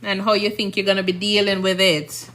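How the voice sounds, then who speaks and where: A woman's voice: mid-range voice, little pitch movement, fairly quick, fairly bright tone, a little hiss or hum. A woman in her thirties with a Jamaican accent, a nurse chatting casually on a live stream, rambling and often asking "you understand?".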